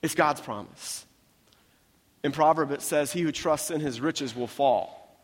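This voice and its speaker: High-voiced male preacher in echoing hall. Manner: conversational, humorous preaching with quick asides. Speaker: pastor. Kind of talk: sermon.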